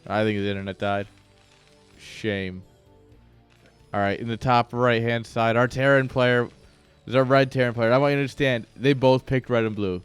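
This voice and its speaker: A man's voice: medium pitch, fairly even intonation, moderate pace, clear, resonant tone, faint music behind. A man casting a game stream, chatting casually and teasing with lots of laughs. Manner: joking, teasing, laughs often. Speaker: esports caster.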